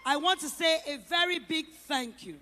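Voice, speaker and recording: A woman's voice: high voice, moderate pace, sharp tone. A woman giving an effusive, emotional thank-you speech on a conference stage, repeating herself as she calls her team up. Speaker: event founder and host.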